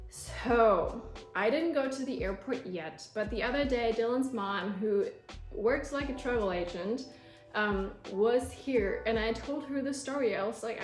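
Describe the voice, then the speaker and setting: Emotional young woman telling a story. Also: fairly high pitch. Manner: emotional, animated storytelling, close to tears at times. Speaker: vlogger. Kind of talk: storytelling vlog. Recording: echoey room with faint music.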